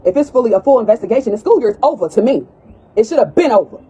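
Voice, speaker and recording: A woman's voice: a little high, expressive, racing, warm tone, slight background noise, poor audio. A mother confronting school staff indoors, distraught and pleading, repeating her accusing questions, filmed on a phone.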